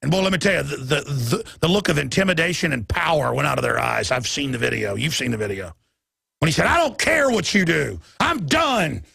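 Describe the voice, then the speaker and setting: A man hosting a radio talk show, delivering a heated, emphatic monologue that swings between loud and soft. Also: fairly high pitch, gravelly, husky, no room sound, clean studio sound. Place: radio studio.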